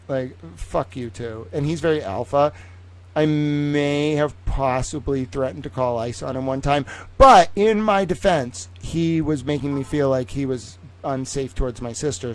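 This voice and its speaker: A man streaming, talking in a rambling, profane, animated way as he tells stories. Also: medium pitch. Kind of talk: casual livestream rant.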